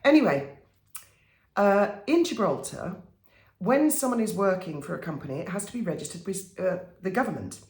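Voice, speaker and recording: A woman vlogger telling stories to camera in a casual way, animated and wry, often exasperated. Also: medium pitch, moderate pace, roomy sound. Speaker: vlogger and commentator.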